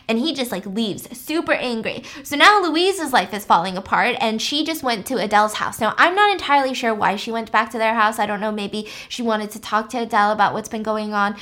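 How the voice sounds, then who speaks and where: A woman host recapping a story in a chatty, animated way with many fillers. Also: on the high side, a little fast, hardly any pauses.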